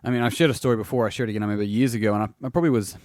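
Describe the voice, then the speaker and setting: A man's voice: lowish voice, steady tone, rapid-fire, darkish tone, no room sound, studio quality. A man hosting a solo podcast and working as a coach, talking casually and bluntly, swearing freely and restarting his sentences often.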